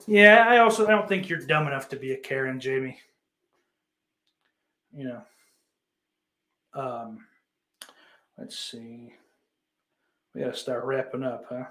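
A man's voice: medium pitch, a little slow, long pauses. Sarcastic, profane man in a roomy room. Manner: sarcastic, profane, bursts into mocking yells. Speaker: streamer reading chat comments. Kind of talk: casual crude rant.

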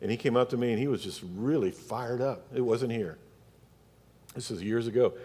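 A man's voice: medium pitch, normal speed, dark tone, husky, long reverb tail. A male pastor, preaching a sermon in a church in a conversational way, asking his listeners questions as he goes.

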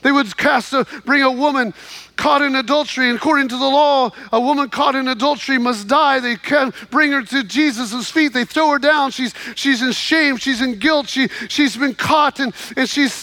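A preacher delivers a sermon with dramatic storytelling and fervent exhortation. His voice is very high and bright. The sound is close and dry. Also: normal speed, dry recording.

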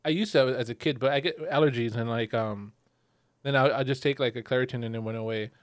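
A man's voice: mid-range voice, fast, no room sound, clean studio sound. A young man co-hosting a podcast, telling stories casually with many fillers and acted-out quotes. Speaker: podcast co-host. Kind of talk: casual chat.

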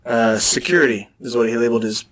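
A man's voice: mid-range voice, fast talker, a bit bright. A man co-hosting a podcast in casual chat, laughing often and swearing. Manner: laughs often, swearing, reads listings aloud. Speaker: podcast co-host.

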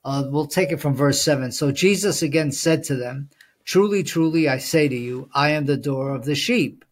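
On a casual Bible study podcast, a male co-host with a fairly high voice talks at a moderate pace. He thinks out loud with plenty of fillers and reads passages of scripture aloud.

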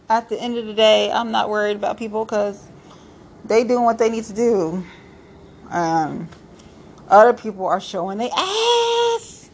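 A woman's voice: mid-range voice, creaky, darkish tone, a little hiss or hum. A woman talking bluntly about local politics in a casual, sassy, profane rant, stressing her points and repeating them. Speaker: political commentator.

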